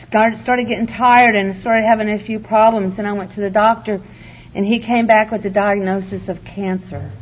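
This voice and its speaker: Brief: candid woman speaker with a higher voice, wry and heartfelt, muffled lo-fi tape with light hiss. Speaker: speaker sharing her recovery story. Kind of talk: personal testimony at a recovery meeting. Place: meeting room before a live audience. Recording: muffled lo-fi recording, faint hiss.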